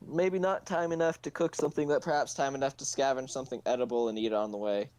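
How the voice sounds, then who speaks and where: A man playing a tabletop game at an ordinary middle pitch. He suggests plans in character, often stumbling and restarting before he gets going. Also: steady tone, fast, a little mellow. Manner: hesitant, stumbling starts. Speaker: player.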